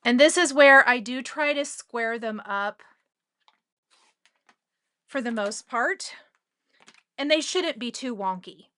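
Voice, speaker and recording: A woman hosting a casual sewing tutorial, talking through each step in a chatty, relaxed way with loose asides. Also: on the high side, takes it slowly, pauses often, no echo.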